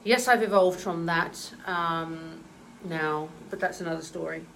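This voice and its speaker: A woman's voice: fairly low pitch, measured pace, creaky, fairly bright tone, a little hiss or hum, low-quality recording. A woman, a spiritual medium, telling a story in a casual way, earnest and emotional, with many hesitant ums.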